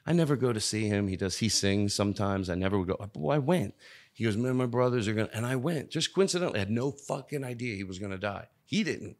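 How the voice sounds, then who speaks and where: Low-voiced man, earnest and rambling. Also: animated, fast talker. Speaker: comedian guest. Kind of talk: casual conversation.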